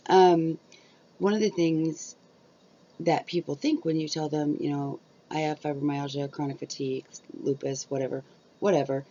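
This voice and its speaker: Deep, steady and dark in tone, this middle-aged woman's voice moves at a normal pace as she talks casually to her viewers from home. The YouTuber rambles with plenty of fillers, and her cheap built-in camera mic produces a dull, lo-fi recording.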